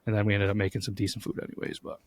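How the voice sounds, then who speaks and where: A man's voice: lowish voice, little pitch movement, rapid-fire. A married man hosting a podcast, telling stories in a blunt, profane, casual way. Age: adult, married. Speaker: podcast host. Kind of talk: casual chat.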